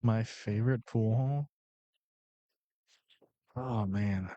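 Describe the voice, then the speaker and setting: Man co-commentating pool, mellow voice, dry close mic, laid-back banter. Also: lowish voice, drawn-out words, dry recording, muffled recording. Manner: easygoing, agreeable banter. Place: pool hall commentary booth.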